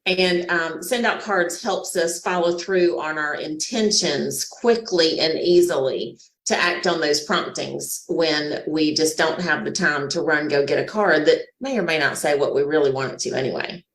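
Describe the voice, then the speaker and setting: Southern woman, 50s, folksy webinar guest, lowish voice, roomy video-call sound. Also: moderate pace, few pauses, a bit bright. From Georgia, US. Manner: folksy, uses y'all. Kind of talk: casual chat on a webinar.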